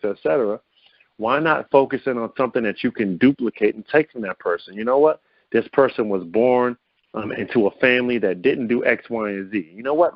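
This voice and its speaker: An upbeat male coach talks through a group call with lively pitch swings, peppering his listeners with rhetorical questions. His voice has a medium pitch and comes over dull, lo-fi phone-call audio with a dry, close sound. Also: dry recording. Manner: lively pitch swings to show vocal variety. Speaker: host of a confidence coaching call. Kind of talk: motivational teleconference talk.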